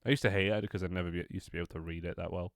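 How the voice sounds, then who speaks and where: A man's voice: low-pitched, steady tone, very fast, no echo, studio quality. Stuffy-nosed man streaming. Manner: rambling, self-mocking, swears casually. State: stuffy, congested nose. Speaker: game developer streaming live. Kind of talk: casual live-stream chat.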